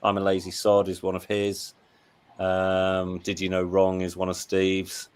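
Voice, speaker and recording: Man with a lowish voice explaining at length. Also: monotone, a little slow, smooth. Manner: knowledgeable, rambling explanations. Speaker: co-host reading the chat. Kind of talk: casual chat.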